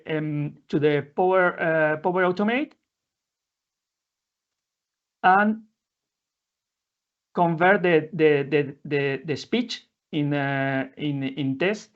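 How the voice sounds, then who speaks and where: A man presenting a live software demo in non-native English, halting often with fillers and restarting his sentences. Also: fairly high pitch. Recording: dull lo-fi audio.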